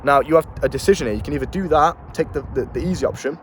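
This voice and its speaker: A man's voice: a little high, racing. A young man talking casually to camera as a self-improvement coach, blunt and slangy, swearing and repeating words, with faint street noise behind him. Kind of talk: casual motivational talk to camera. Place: outdoors in town.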